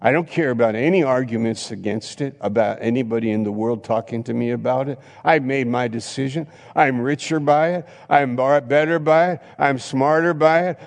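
Male pastor, gravelly, preaching emphatically in a reverberant church hall. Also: mid-range voice, moderate pace, few pauses. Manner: emphatic preaching with sudden loud rises and repetition. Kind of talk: sermon.

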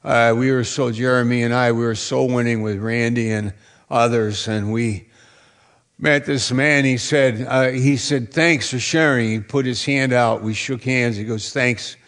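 Slow gravelly preaching man. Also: mid-range voice, fairly even intonation. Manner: emphatic preaching, repeats phrases, bursts into shouts. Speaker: pastor. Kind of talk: sermon.

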